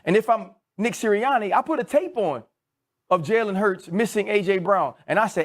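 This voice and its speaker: A man giving a measured, explanatory football analysis on a sports debate show. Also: sits high, animated.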